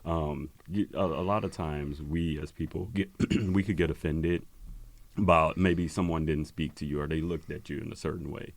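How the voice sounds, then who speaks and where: A man's voice: extremely low pitch, fairly even intonation, moderate pace, creaky. A man hosting a podcast, talking in a reflective casual way with many fillers. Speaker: podcast host. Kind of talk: casual chat.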